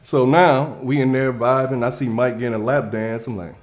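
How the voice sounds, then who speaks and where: A man's voice: medium pitch, normal speed, hardly any pauses, faint music behind. Young man telling a comedic story. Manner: animated, acts out quoted lines in different voices.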